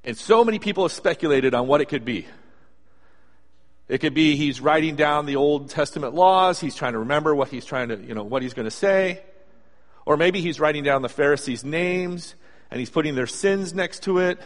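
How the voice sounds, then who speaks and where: Animated preacher in a reverberant hall. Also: male voice, on the high side, normal speed. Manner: conversational, animated storytelling with acted asides. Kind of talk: sermon.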